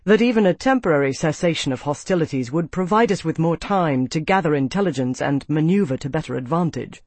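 A man's voice: a little high, lively intonation, fairly quick, a little mellow, dry recording. A man reading an audiobook, voicing an earnest young male captain. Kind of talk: audiobook character voice.

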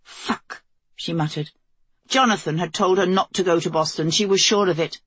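A woman narrating a novel as an audiobook in a steady, measured storytelling voice, recorded close to the mic. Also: lowish voice, slightly rough, no room sound. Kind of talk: scripted narration.

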